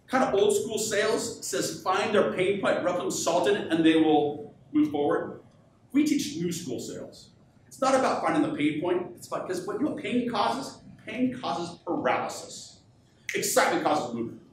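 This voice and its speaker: A man giving a live business keynote to an audience, energetic and peppering the crowd with questions. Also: on the high side. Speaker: professional speaker. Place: event hall with audience. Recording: echoey hall, voice from far off, faint hum.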